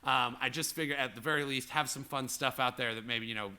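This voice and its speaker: A man's voice: mid-range voice, fairly even intonation, quick pace, sharp tone. A man hosting a live tabletop game stream, talking in a rambling, heartfelt way full of fillers. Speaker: game master and show host. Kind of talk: livestream show introduction.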